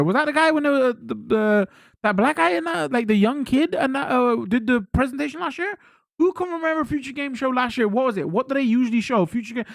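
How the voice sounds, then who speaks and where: A high-pitched British man rambles through a casual live-stream chat. He is excitable and swears freely. His voice sounds close and dry, with no room around it. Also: no echo.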